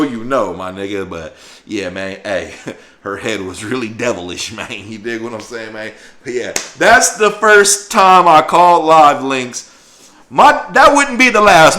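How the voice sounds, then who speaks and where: A young man telling a profane, slang-filled story in a casual monologue. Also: medium pitch. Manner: slangy, profane, animated retelling. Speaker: storyteller vlogger.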